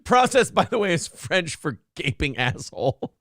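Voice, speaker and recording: Animated high-voiced joking male host. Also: moderate pace, no echo, clean studio sound. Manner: laughs often, mocking, jokey. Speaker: morning show host. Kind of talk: crude comedic banter.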